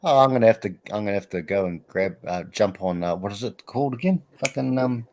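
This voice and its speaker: A man's voice: lowish voice, quick pace, crowd noise. A man, chatting casually on a group stream, protesting and laughing as he tells rambling stories. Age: 40s. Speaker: regular on a livestream chat.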